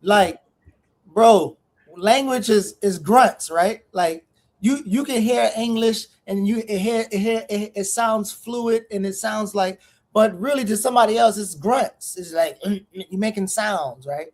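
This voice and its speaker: A man's voice: sits high, a little slow, darkish tone. A man co-hosting a morning talk show, casually cutting in and repeating "listen" to get the floor. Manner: loose, cuts in repeatedly with "listen".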